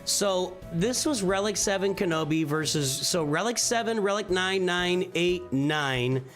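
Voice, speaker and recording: A middle-aged man hosts a laid-back morning live stream, his voice sitting fairly high. He rambles and restarts sentences as he thinks aloud. Faint music plays quietly under his talk. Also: animated, measured pace. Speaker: streamer and channel host. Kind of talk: casual live-stream chat.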